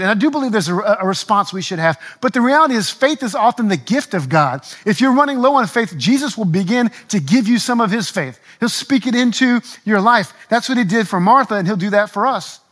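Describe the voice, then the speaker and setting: A man with a notably high voice preaches a sermon to his congregation. He swings between quiet, tender passages and surging, emphatic appeals, repeating his key lines and urging the room on with "come on". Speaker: pastor. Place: church.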